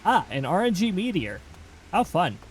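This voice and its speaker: Man, live streamer, casual gameplay chat, self-mocking, animated pitch, slightly higher voice. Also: moderate pace, slight background noise, poor audio. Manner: chatty, self-mocking, reads chat aloud.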